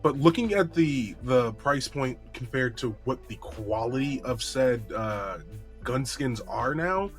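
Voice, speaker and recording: A man co-hosting a gaming podcast in casual chat, excitable, jumping in with facts and lots of fillers. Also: medium pitch, a little slow, soft background music. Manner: excitable, interrupts with trivia, many fillers. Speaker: podcast co-host.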